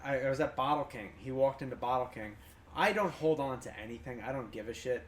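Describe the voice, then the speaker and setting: A man's voice: mid-range voice, brisk, distant mic. A young man co-hosting a podcast, telling a story in a rambling, profane way full of restarts. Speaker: podcast co-host. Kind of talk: casual storytelling chat. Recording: echoey room, faint noise.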